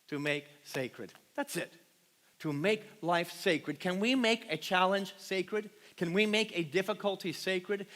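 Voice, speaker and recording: A man preaching a passionate sermon to his congregation, swinging from loud emphatic peaks to quiet, hushed lines and often asking the room questions. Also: high voice. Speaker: pastor. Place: large church sanctuary. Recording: long hall reverb.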